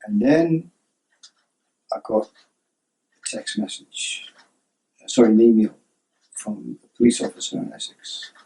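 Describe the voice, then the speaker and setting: Middle-aged male author, gravelly and low-toned, loose conversational storyteller. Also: slow pace, long pauses, dark tone, poor audio. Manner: rambling, conversational, full of "you know" and "right?". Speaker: author and journalist. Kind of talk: personal storytelling.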